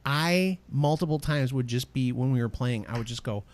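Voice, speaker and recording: A man's voice: medium pitch, moderate pace. A middle-aged man co-hosting a podcast, talking animatedly and acting out quotes in exaggerated voices. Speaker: podcast co-host. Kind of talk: casual podcast chat.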